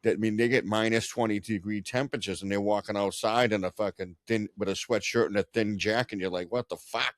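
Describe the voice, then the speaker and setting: A lowish-voiced man with a thick Boston accent swaps stories with friends, swearing freely and animated. His voice sits close and dry on the mic, with no room around it. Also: fast talker, hardly any pauses, no echo. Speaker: podcast host. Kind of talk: casual profane chat.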